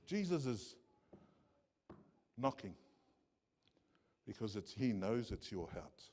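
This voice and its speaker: Preacher with a lively, swinging voice. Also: male voice, fairly low pitch, slow pace, slight background noise. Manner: impassioned storytelling preacher, swinging from hushed to loud. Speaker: pastor. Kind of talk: sermon. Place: church.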